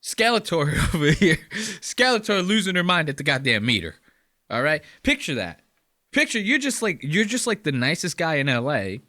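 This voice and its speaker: A man's voice: fairly high pitch, big pitch swings, normal speed, pushed and bright. A man hosting a podcast, reacting to clips with profane, incredulous rants. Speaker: podcast host.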